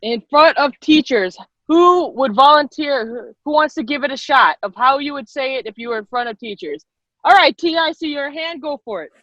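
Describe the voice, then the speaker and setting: A woman leading an online public speaking workshop on a video call, lively and quick-talking, encouraging the participants. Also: high-pitched, no room sound. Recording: dull lo-fi video call audio.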